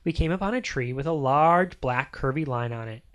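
A reader narrating a children's story aloud in an expressive, sing-song way. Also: medium pitch, normal speed.

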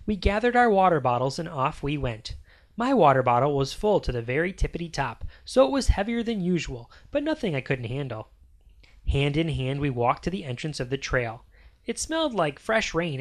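A reader narrating a children's story aloud in an expressive, sing-song way. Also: mid-range voice.

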